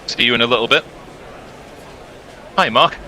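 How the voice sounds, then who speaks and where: A male cricket commentator giving brisk, upbeat ball-by-ball commentary and laughing easily. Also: medium pitch, sharp tone, a faint crowd, slight background noise, rough recording.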